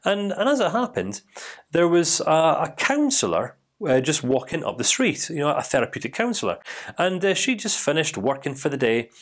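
A male life coach tells a story in a dramatic, animated way, often restarting his sentences. His voice is fairly high and very lively, swooping up and down. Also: normal speed. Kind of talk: storytelling to camera.

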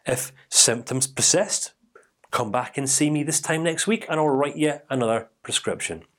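A man voicing a matter-of-fact male doctor who asks routine questions in a hurried way. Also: fairly high pitch, a bit bright, natural voice. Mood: brisk.

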